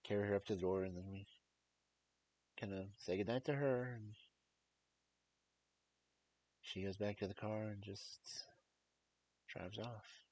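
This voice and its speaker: A man's voice: fairly low pitch, measured pace, long pauses, a little mellow, a little hiss or hum, low-quality recording. A man telling a story in a casual, rambling way, with plenty of fillers and restarts.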